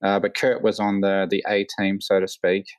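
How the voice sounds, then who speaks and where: An Australian man, a hang glider pilot, telling a story as a guest in a casual interview, full of fillers and lively quoted voices. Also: on the low side, normal speed, dry recording, poor audio. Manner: rambling, many fillers, animated quoting.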